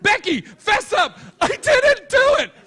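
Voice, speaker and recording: A comedian on stage voicing shrill young women who shriek in disgust. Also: male voice, sing-song, slow pace, pushed and bright, exaggerated voice. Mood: shrill arguing. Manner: shrieking and squealing.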